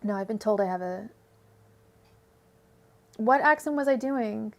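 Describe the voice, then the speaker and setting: A woman's voice: fairly high pitch, lively intonation, a little slow, creaky. A woman with a Californian accent reading tarot on a casual livestream, rambling and chatty with many fillers, restarts and laughs. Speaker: tarot reader. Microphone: own microphone at home.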